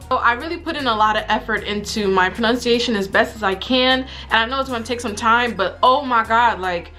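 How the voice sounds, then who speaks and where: A young woman in her twenties talking casually to camera in a vlog, animated and exasperated, joking as she goes. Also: fairly high pitch, fairly quick, hardly any pauses. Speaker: vlogger. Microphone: camera mic. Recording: faint music underneath.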